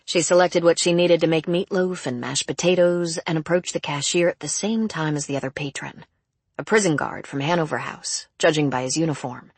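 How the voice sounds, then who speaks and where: Female audiobook narrator, husky low voice, measured delivery, dry close sound. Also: dry recording. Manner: even, measured storytelling.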